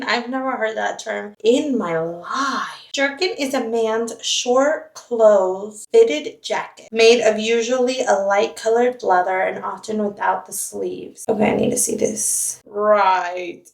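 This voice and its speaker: Slightly high and gravelly, the voice belongs to a young woman vlogging about books. She chats casually, reacts dramatically and repeats herself, speaking from a park outdoors and from home as she cleans.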